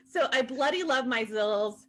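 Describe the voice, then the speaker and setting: A woman hosting a live-stream chat who reads out viewer comments and talks in a gushing, enthusiastic way, quick to laugh. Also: high-pitched.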